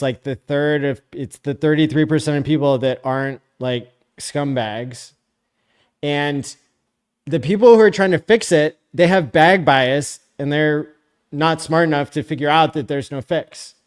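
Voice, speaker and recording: A man hosting a live stream, reading viewer comments out loud in a blunt, sarcastic, casual way. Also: on the high side, measured pace, smooth. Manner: blunt, sarcastic, profane, often laughing.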